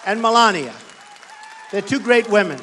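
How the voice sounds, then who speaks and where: A man's voice: high-pitched, animated, moderate pace, bright, forceful tone, some chatter behind, a little hiss or hum. An American man giving an emphatic, repetitive campaign rally speech as a political candidate on a stage microphone in a large indoor venue.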